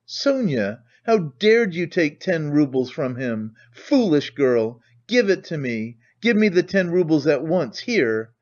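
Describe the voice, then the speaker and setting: A man's voice: big pitch swings, slow, hardly any pauses, darkish tone. A man reading an audiobook voices a hysterical, frantic widow who shrieks accusations. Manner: shrill, frenzied, accusing. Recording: dull lo-fi recording.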